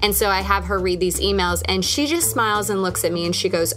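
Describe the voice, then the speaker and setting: A woman's voice: medium pitch, brisk, fairly bright tone, faint music behind. A woman in her thirties, hosting a podcast, telling a candid, reflective personal story. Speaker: podcast host.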